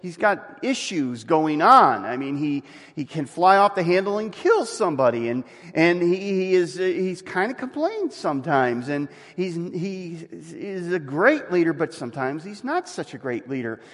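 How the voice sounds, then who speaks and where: A man preaching in a church, his voice lifting and falling in lively swings as he acts out the people he quotes. His pitch sits a little above average for a man, and a long church-hall reverb trails each phrase. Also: normal speed, few pauses. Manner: animated preaching, voicing quoted speakers. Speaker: pastor. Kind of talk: sermon.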